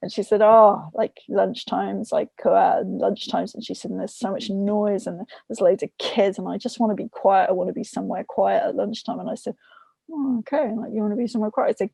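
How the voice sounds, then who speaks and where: Chatty mom guest, husky with some fry, talks in loose stories full of fillers. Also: female voice, medium pitch, fairly even intonation, fast, warm tone, no room sound. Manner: chatty, retells stories with quoted voices; many fillers and restarts. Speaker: podcast guest, parent and trainer. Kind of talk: casual conversation.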